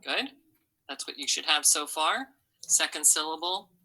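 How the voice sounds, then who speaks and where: A woman teaching a recorded phonics lesson to young children, modeling words slowly syllable by syllable. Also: deep voice, lively intonation, pushed and bright, slightly rough, poor audio. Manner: slow, patient, syllable-by-syllable modeling. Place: online video lesson.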